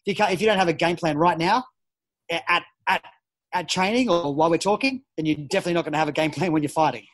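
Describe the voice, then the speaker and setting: A quick-paced man with a slightly high voice comes through on a low-quality recording. Guesting on a podcast, the former Olympian judo coach and at-home parent chats energetically, frequently starting his stories over.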